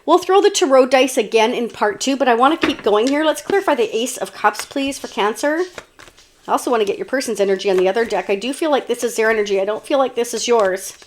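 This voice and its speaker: A woman with a fairly high voice talks through a tarot spread for her viewers. She rambles in a loose, conversational way, full of "like" and "you know," often restarting her sentences. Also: lively intonation, fast, slight background noise. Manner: chatty, meandering, many fillers and restarts. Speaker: tarot reader. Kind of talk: casual tarot reading to camera.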